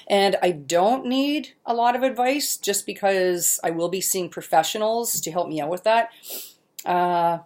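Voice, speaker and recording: A middle-aged woman talking casually in a home vlog, chatty and self-deprecating, laughing often and sometimes pausing mid-sentence to find a word. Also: medium pitch, a little mellow. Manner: pauses mid-sentence searching for words. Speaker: vlogger. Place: at her mother's home.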